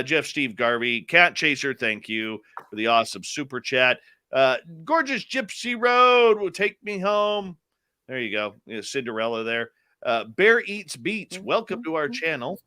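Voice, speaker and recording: A man's voice: mid-range voice, sharp tone, clear, resonant tone, dry recording. A man hosting a live radio show, chatting casually, enthusiastically greeting listeners from the chat. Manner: enthusiastic, reads chat names aloud, playful.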